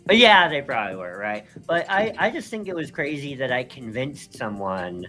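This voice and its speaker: Laughing, animated man telling a story. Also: mid-range voice, normal speed, soft background music. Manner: animated, laughs between phrases, many fillers. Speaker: co-host. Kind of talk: casual storytelling on a live stream.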